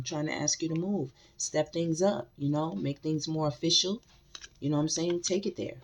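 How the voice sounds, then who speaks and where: A woman's voice: low voice, a little hiss or hum. A woman giving a casual spiritual tarot reading, speaking emphatically to her viewers and often repeating phrases. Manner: emphatic, repeats phrases, addresses the collective directly. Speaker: tarot reader.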